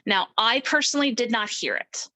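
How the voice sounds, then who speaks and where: A middle-aged woman telling her personal story as an interview guest, animated and acting out the voices of people she quotes. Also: on the high side, normal speed, poor audio. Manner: animated, acts out quoted speech.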